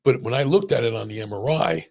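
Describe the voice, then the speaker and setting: A man hosting a casual podcast conversation as a spine surgeon, telling animated stories and often checking in with "right?". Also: mid-range voice, quick pace. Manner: animated storyteller, many restarts and "right?" checks.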